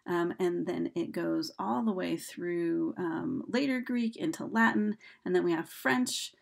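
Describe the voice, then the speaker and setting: A woman's voice: lowish voice, a little slow, creaky. A woman teacher giving a recorded slideshow lesson, chatty and full of ums and uhs. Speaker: high school English teacher.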